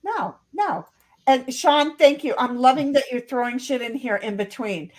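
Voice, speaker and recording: A woman's voice: high-pitched, moderate pace, slight background noise. A woman hosting a casual livestream from home, reading viewer comments aloud and rambling as she stumbles over repeated words. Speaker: livestream host.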